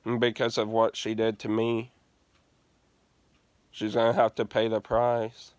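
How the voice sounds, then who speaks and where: A man's voice: lowish voice, completely flat delivery, measured pace, darkish tone, clear, resonant tone, no room sound. A man telling a prank story as a gaming streamer, swearing and laughing often. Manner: profane, laughing, restarts often. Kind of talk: casual storytelling rant.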